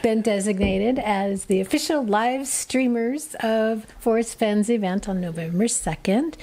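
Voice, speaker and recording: A woman co-hosting a vlog in casual chat, playful and quick to laugh. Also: medium pitch, dark tone. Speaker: vlog co-host.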